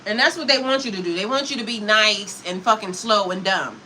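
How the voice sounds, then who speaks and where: A woman's voice: mid-range voice, a little fast, bright, forceful tone, slight background noise, low-quality recording. A woman spiritual coach in a heated, profane, emphatic livestream rant.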